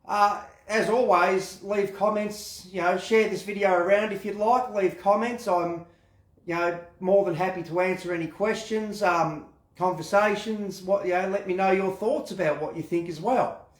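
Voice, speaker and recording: High-voiced man teaching in an echoey room. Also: moderate pace. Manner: rambling, repeats words, acts out quoted exchanges. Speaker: self-defense instructor. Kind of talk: casual instructional talk.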